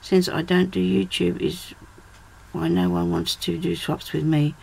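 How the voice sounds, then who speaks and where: Slow, gravelly middle-aged woman vlogger. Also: lowish voice, steady tone, darkish tone. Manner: chatty and exclamatory, thinks aloud. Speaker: video blogger opening a parcel. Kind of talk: casual unboxing chat. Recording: noisy home recording.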